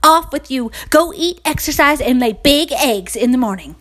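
A woman's voice: high-pitched, expressive, moderate pace, a bit bright, voice pushed up. Woman doing Royal, a vain bossy rooster. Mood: commanding. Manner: haughty, commanding.

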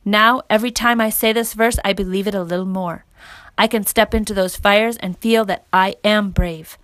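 A woman voicing a calm, kind fireman who gently encourages a frightened boy, in an earnest, reassuring tone. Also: mid-range voice, normal speed, dry recording, close to an everyday voice. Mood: gentle. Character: calm, kindly adult male fireman.

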